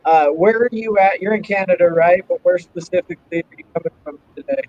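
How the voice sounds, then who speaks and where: A man's voice: high voice, a little fast, a little mellow. A man hosting a podcast, casual and enthusiastic, calling his guest brother. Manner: enthusiastic, calls people brother. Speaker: podcast host. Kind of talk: casual chat. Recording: slightly dull sound with faint noise.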